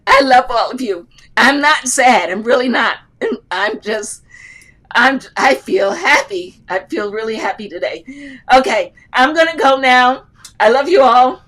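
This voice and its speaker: A woman's voice: on the high side, a bit bright. An older woman hosting a casual live chat about loom knitting, speaking in a heartfelt, rambling, inspirational way from an airport and reading viewer comments aloud. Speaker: livestream host answering loom knitting questions.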